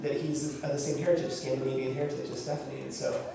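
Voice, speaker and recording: A man sharing the story of adopting his son to an audience, animated and laughing as he acts out what people said. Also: medium pitch, quick pace, vocal fry. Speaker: adoptive father sharing testimony. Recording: echoey room from far off with noise.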